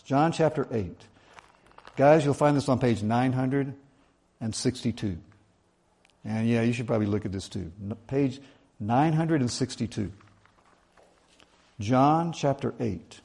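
Middle-aged guy preaching, reads a verse then explains it like he's just chatting, normal pitch. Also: gravelly, a little mellow. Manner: reads scripture aloud then explains it conversationally. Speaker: pastor. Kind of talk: sermon.

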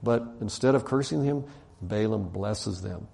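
A man delivers a sermon in a loose, conversational storytelling style. His tone is mellow and dark, and he animates the quotes and leans on casual fillers. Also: fairly low pitch, unhurried, gravelly. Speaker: preacher.

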